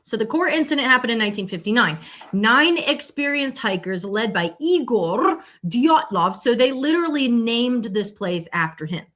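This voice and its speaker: A woman's voice: fairly high pitch, animated, moderate pace, a bit bright. A woman hosting a podcast on a live stream, talking casually and rambling, with many fillers and self-corrections. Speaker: podcast host.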